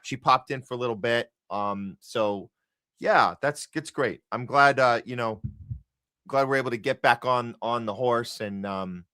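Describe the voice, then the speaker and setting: Male podcast host, casual and rambling, bright dry sound. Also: medium pitch, measured pace, clear, resonant tone, no echo. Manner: rambling, encouraging, many restarts.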